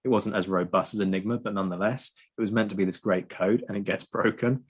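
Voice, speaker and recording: Low-voiced man explaining history. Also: fast talker, slightly rough. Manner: lively, ranting, frequent ums. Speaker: podcast co-host. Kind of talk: explaining history in casual chat.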